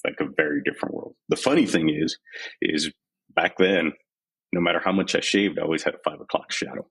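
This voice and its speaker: A man's voice: very deep voice, brisk, slightly rough, low-quality recording. A man in his forties from Texas, a podcast guest and army veteran, telling his story candidly and with animation in an interview. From San Antonio, Texas. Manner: candid, animated retelling with quoted voices.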